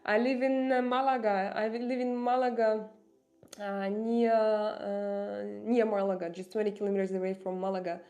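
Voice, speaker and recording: A woman whose first language is not English, hosting a casual livestream and answering viewer comments in an earnest, impassioned way, halting often with fillers and restarts. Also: medium pitch, little pitch movement, mellow. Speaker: livestream host.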